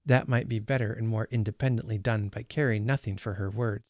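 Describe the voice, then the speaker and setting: A man reading aloud the lines of a gentle, sensible young woman who speaks quietly and frankly. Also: fairly low pitch, a little fast, no echo, clean studio sound, close to an everyday voice. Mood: calm. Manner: quiet, calm reasoning.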